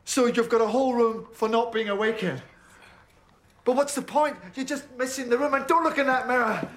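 A man's voice: extremely high pitch, a little fast, a bit bright, slight background noise. An older man, playing a newly changed alien doctor who rambles, fusses and complains indignantly in a TV drama. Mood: baffled, ranting. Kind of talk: TV drama acting.

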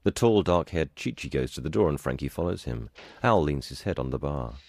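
Very deep-voiced man narrating audio description. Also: animated, fairly quick, vocal fry, a little mellow.

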